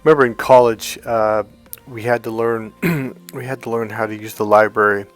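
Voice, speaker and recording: A man's voice: medium pitch, fairly even intonation, normal speed, soft background music. A middle-aged man, a dating coach, telling stories in casual monologue, acting out the people he quotes and swearing freely.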